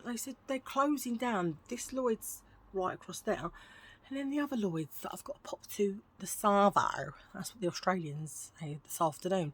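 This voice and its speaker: Here a middle-aged woman rambles and jokes with her audience about things she bought, in the style of a casual haul vlog. She speaks at a moderate pace with a fairly high pitch.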